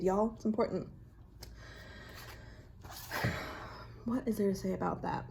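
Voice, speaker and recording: A woman chatting casually and reflectively in her bathroom while drawing oracle cards, often dropping to a hushed voice. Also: medium pitch, steady tone, normal speed, creaky, pauses often, a little hiss or hum. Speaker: vlogger reading oracle cards. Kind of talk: casual rambling chat. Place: home bathroom.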